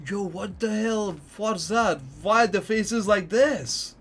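A man hosting an anime reaction video, commenting live in an excitable way and tossing in "yo" and "man" a lot. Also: high voice, slow pace, slight background noise. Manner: excitable, repeats "yo" and "man", bursts into laughs and shouts. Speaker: anime reaction channel host.

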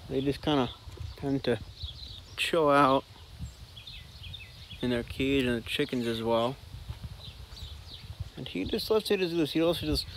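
A man vlogging outdoors on a farm with his dog, chatting casually and talking to the dog in a high sing-song voice. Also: slight background noise. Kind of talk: casual vlog narration. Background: faint outdoor ambience.

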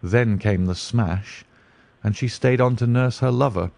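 A man voicing a brilliant, dreamy detective who speaks deliberately and muses aloud. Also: mid-range voice, vocal fry, a little mellow, no echo. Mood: musing. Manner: deliberate, musing.

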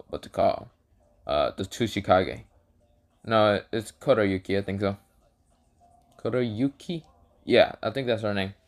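A man casually telling a self-made adventure story, rambling with lots of fillers and stopping to correct himself. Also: fairly low pitch. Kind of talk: casual fan-fiction storytelling.

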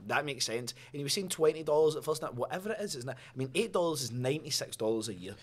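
A man co-hosting a podcast in casual chat, a lively storyteller who swears freely. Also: a little high, fast talker. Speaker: podcast co-host.

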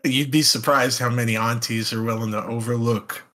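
A man's voice: mid-range voice, fairly even intonation, bright, forceful tone. A young man co-hosting a casual podcast, joking and swearing, often laughing and slipping into silly voices. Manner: laughing, profane, jokey, puts on quick silly voices. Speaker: podcast co-host.

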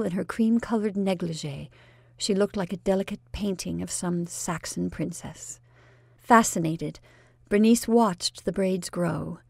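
A woman storyteller reading a classic short story aloud in a measured, expressive way. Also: medium pitch, creaky, no echo, studio quality. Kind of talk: scripted narration of a classic story.

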